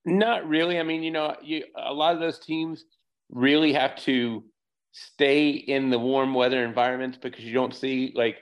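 A man's voice: mid-range voice, steady tone, normal speed, poor audio. A man co-hosting a casual sports talk, speaking loosely with lots of "you know" and "like".

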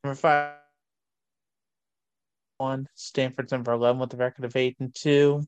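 A man, hosting a casual sports show and reading long lists of college rankings in a steady way. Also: mid-range voice, normal speed, clean tone, no echo, highs cut off.

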